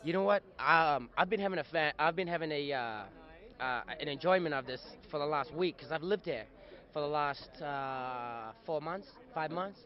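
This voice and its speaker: Animated young man at a fan convention. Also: fairly high pitch, normal speed. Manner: animated, playful, chatty storyteller. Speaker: actor guest. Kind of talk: casual convention interview. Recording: dull lo-fi sound.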